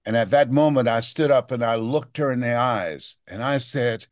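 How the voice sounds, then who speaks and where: A man's voice: mid-range voice, moderate pace, no room sound, studio quality. A man in his seventies, a motivational speaker telling a story in an interview, acting out the voices of the people in it. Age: 70s. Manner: dramatic storyteller, acts out quoted voices.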